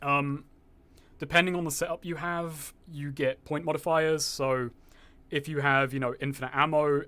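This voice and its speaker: A young man streaming a game speaks with a flat delivery at normal speed, his fairly high voice pushed and bright. He chats casually with viewers, rambling, swearing freely and reading chat aloud, and he sounds slightly posh.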